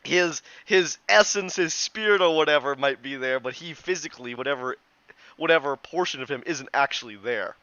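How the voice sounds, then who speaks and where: A man's voice: fairly high pitch, normal speed, bright, forceful tone, clean tone, no echo. A man narrating a tabletop game as game master, in a loose, chatty way with many restarts. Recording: dull lo-fi, dry.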